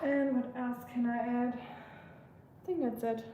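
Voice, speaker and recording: A woman with a slightly high voice chats on a casual live stream from her home kitchen. She reads viewer comments aloud and talks loosely, with plenty of "like"s, over a faint hum of room noise. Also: little pitch movement, a little slow, dark tone. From Germany.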